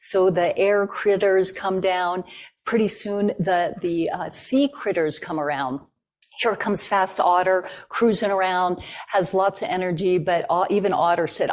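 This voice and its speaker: A woman's voice: on the low side, steady tone, unhurried. A woman giving a talk and telling a traditional story in a conversational way, with fillers. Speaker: guest speaker.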